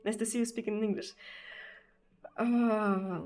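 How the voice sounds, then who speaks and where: A woman from Russia with a Russian accent, chatting casually on a live stream. She speaks haltingly, with many pauses and restarts, and laughs often. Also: medium pitch, little pitch movement, gravelly, darkish tone. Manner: laughs often between sentences.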